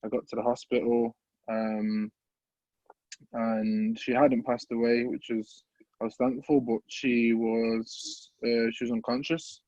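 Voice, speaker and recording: A man, earnestly telling his life story as a podcast guest in a halting, open and emotional way. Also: mid-range voice, little pitch movement, warm tone, no echo, highs cut off. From English Midlands. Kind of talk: personal life story in an interview.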